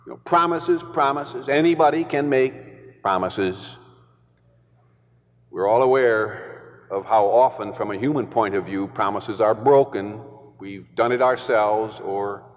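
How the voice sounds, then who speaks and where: A man preaching a sermon, stressing points through deliberate repetition. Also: on the low side, in a large hall.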